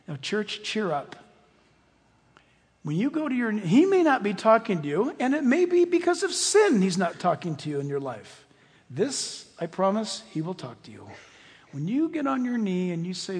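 A man preaching a sermon to his church, animated, swinging between loud exclamations and hushed, nearly whispered passages. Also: high-pitched, normal speed, breathy edge. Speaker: pastor. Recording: long hall reverb.

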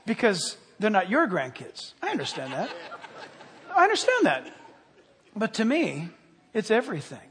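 An older man preaching a sermon with fervor, rising loud on key points and dropping quiet. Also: sits high, very animated, normal speed, a crowd in the background. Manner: fervent, swells loud on key points then drops quiet. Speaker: pastor. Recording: long hall reverb.

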